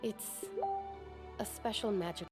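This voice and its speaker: A woman's voice: mid-range voice, slow pace, darkish tone, close to an everyday voice. An actress voicing a composed mystical woman traveler in a video game, explaining her magic matter-of-factly. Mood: calm. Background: faint game music.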